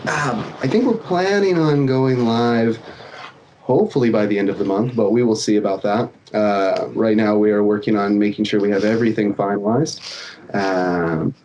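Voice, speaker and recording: A man's voice: on the low side, moderate pace, darkish tone, muffled recording, a little hiss or hum. A man talking as a guest in casual podcast chat, explaining plans in an easygoing way. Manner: easygoing, agreeable, explains plainly.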